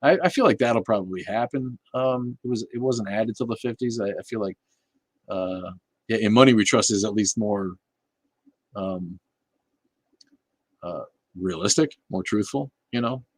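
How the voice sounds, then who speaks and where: A man with a fairly low voice talks loosely through a casual livestream, answering viewer comments bluntly and swearing freely. His speech is full of fillers and restarts. The sound is dry and close. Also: moderate pace, long pauses, no room sound. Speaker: livestream host reading chat.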